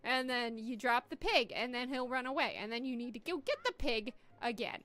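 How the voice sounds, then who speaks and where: A woman's voice: fairly high pitch, fairly quick, hardly any pauses, bright, forceful tone, faint music behind. A woman giving casual, chatty let's-play commentary, swearing and poking fun at herself. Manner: chatty, swearing, self-mocking. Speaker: gaming streamer.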